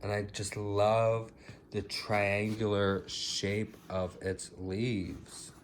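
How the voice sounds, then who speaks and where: A man's voice: on the low side, flat delivery, drawn-out words, slight background noise. A man chatting casually through a house plant tour in his home, a little dramatic about how his plants are doing. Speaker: plant vlogger.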